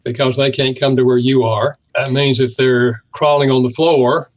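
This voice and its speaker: A man's voice: medium pitch, fairly even intonation, moderate pace, lo-fi sound. An older man, an author and speaker, explaining ideas as an interview guest and acting out quoted lines with a lifted voice. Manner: warm storytelling, acts out quoted lines with a lifted voice.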